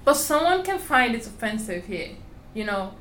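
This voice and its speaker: A woman's voice: fairly high pitch, very animated, normal speed, a bit bright, a little hiss or hum. A young woman with a strong foreign accent, telling her story candidly and emphatically in an interview. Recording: roomy echo with faint ambience.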